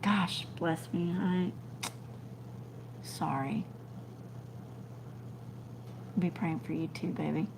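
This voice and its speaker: Woman, middle-aged, livestream host, scattered casual chat, gravelly, faint background noise. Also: lowish voice, slow pace. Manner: scattered, chatty, laughs often, reads comments aloud. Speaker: livestream host chatting with viewers.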